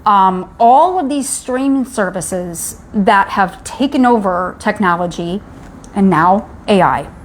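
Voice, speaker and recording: Urgent, rallying woman live-streaming. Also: mid-range voice. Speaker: host. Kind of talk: live-stream advocacy talk.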